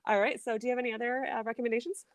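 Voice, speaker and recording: A woman's voice: on the high side, little pitch movement, very fast, no echo, clean studio sound. A woman hosting a podcast, chatting casually and enthusiastically about books, with frequent restarts. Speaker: podcast host. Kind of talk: casual chat.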